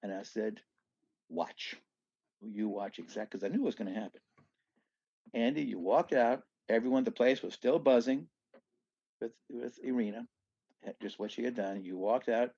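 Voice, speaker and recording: Man, from southeast Louisiana, podcast guest, gravelly voice, animated rambling storyteller, muffled lo-fi sound. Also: medium pitch, moderate pace, dry recording. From southeast Louisiana, USA. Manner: animated storyteller, many restarts and asides. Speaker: guest musician. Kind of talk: storytelling in a casual podcast chat.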